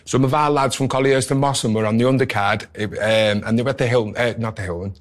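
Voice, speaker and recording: A man with a Liverpool accent tells a boxing anecdote on a talk radio show. He is lively and chatty, acts out each line of dialogue, and keeps checking in with the listener. His voice sits at an ordinary middle pitch. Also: fast. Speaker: guest boxer.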